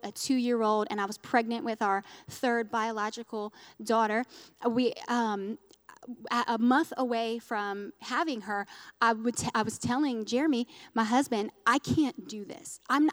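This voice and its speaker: A woman's voice: a little high, in a large hall. A woman in her thirties giving an earnest, emotional personal testimony as part of a sermon, close to tears, with frequent restarts. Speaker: speaker at a church gathering.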